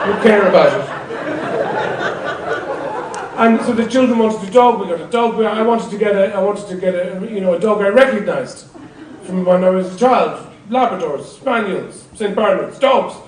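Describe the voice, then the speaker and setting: A man's voice: high voice, normal speed, noisy background. A middle-aged man doing rambling, exasperated stand-up comedy with lots of swearing, speaking on stage in a large theatre. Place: large theatre before a live audience. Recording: roomy live hall recording from a distance, loud crowd laughter.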